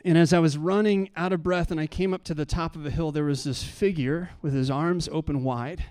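A pastor preaching a sermon, telling a personal story and building to impassioned preaching. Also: male voice, a little high, fairly even intonation, a little fast, a little mellow, clean tone, no room sound, clean studio sound.

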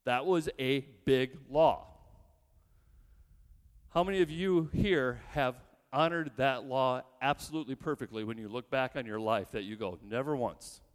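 A male pastor delivers a sermon in a church, his medium-pitched voice unhurried. He speaks emphatically, building long lists and putting rhetorical questions to the congregation. The recording carries long reverb from a large hall.

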